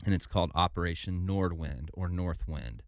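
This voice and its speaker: On a laid-back podcast, a very deep-voiced male co-host walks through history at a moderate pace, fumbling foreign names and dropping the occasional "dude." The recording is close and dry, with no echo or room sound.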